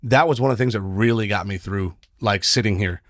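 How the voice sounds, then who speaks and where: A man's voice: on the low side, a bit bright, no room sound, clean studio sound. A young man, a musician guest, telling stories in a rambling, emotional, casual way. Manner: fast, rambling, emotional storytelling with restarts. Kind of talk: casual chat.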